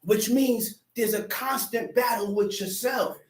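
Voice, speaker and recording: A man with a strikingly high voice gives a Sabbath teaching in a streetwise, conversational way, punching points home with sudden shouts. The mic sits some way off, and the room throws back a lot of echo. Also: unhurried. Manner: emphatic, with sudden shouted bursts. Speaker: religious teacher. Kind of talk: Sabbath teaching to a small group. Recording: echoey room, distant mic.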